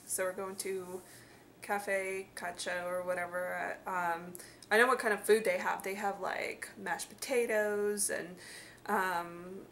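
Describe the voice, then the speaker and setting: A woman's voice: mid-range voice, fairly even intonation, slow pace. A young woman with a Russian accent, rambling casually with many fillers as she vlogs around a city on a handheld camera. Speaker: vlogger. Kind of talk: casual travel vlog narration. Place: around a city, indoors and outdoors. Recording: loud street and traffic noise.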